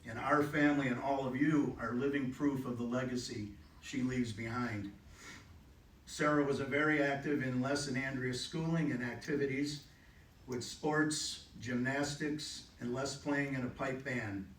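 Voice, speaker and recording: A middle-aged man giving a eulogy for his mother, telling stories with gentle humor. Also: mid-range voice, fairly even intonation, measured pace, slight background noise. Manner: heartfelt, gently humorous storytelling. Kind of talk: memorial eulogy. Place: funeral home chapel. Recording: echoey room, distant mic, faint ambience.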